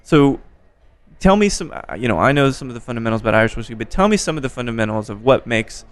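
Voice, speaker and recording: A man hosting a podcast interview, relaxed and joking, swearing casually. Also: mid-range voice, quick pace. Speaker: podcast host. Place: bar by a window.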